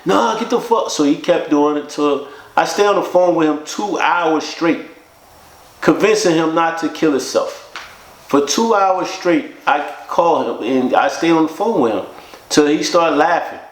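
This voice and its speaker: A man's voice: a little high, measured pace, echoey room. A man telling his life story in a casual interview, often acting out what others said. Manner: casual, acts out quoted voices. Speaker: interview guest. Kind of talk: candid storytelling.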